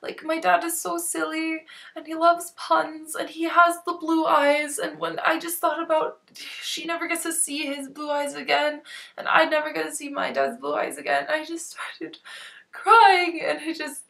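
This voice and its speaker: A young woman with a high voice talks through a book she loved in a casual review. She rambles, trips over her words and sounds close to tears. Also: flat delivery, normal speed, gravelly, fairly bright tone. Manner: emotional, rambling, tearful. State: near tears. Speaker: book vlogger.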